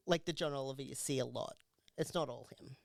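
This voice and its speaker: A man's voice: mid-range voice, moderate pace, creaky, dry recording, clean studio sound. A man co-hosting a podcast, chatting in an easygoing way, laughing readily and sometimes trailing off mid-thought. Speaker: podcast co-host. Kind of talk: casual podcast chat.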